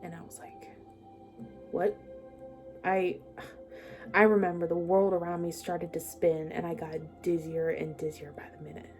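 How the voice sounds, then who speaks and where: A young woman with a lowish, mellow voice tells her life story in a halting, hesitant way, full of pauses and restarts. At times she sinks into a soft, breathy near-whisper. Faint music plays underneath. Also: level tone. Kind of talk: personal storytelling to camera.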